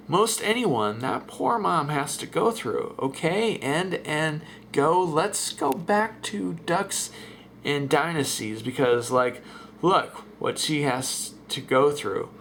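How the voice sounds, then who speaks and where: A man plays an excited, rambling middle-aged radio caller in a comic voice-over dub. The voice is gravelly and slow, lurching up and down in pitch as he repeats himself and loses his thread. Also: slight background noise, full character voice.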